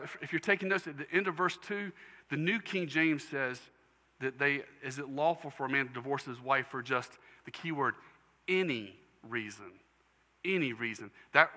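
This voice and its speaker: Emphatic preacher in a reverberant church. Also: male voice, a little high, sharp tone. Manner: emphatic, repeats key phrases slowly for the congregation. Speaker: pastor. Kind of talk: sermon. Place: church sanctuary.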